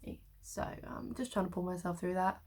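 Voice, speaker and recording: A woman's voice: lowish voice, moderate pace, a little mellow. A woman in her twenties chatting to camera in her bedroom, rambling along with wry, self-mocking asides. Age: 20s. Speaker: vlogger. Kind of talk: casual chat to camera. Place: her bedroom, sitting on the floor.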